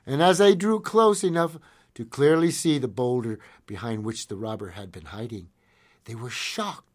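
A man telling an old-west history story in a folksy, dramatic way, chuckling now and then. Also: medium pitch.

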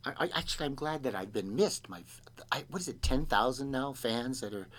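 A man's voice: medium pitch, animated, fairly quick, a bit bright. A man hosting his own show, talking in a loose, rambling, jokey way and poking fun at himself. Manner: self-deprecating, rambling, jokey. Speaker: host and singer. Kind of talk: casual rambling monologue.

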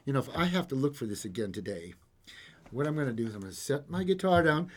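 A man's voice: mid-range voice, sing-song, fast talker. A man hosting a radio show, singing along to his guitar and chatting in a playful, rambling, self-mocking way. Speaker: radio host. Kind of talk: singing with guitar and casual chat. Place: radio studio.

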